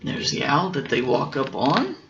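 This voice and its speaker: A father reading a picture book aloud to his children, gently explaining the story as he goes. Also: fairly high pitch, huge pitch swings, moderate pace, gravelly, lo-fi sound, slight background noise.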